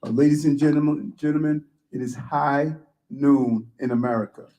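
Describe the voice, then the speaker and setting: A man, a city mayor, giving formal prepared testimony before a committee in a measured way. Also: mid-range voice, fairly even intonation, dark tone, poor audio.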